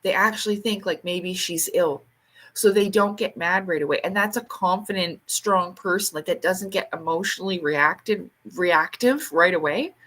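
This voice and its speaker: Chatty woman host on a casual livestream, rambles, laughs easily, swears lightly, jumps into high squeaky voices when quoting people. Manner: reads out and answers viewer comments; acts out quoted lines in sharp, much higher bursts.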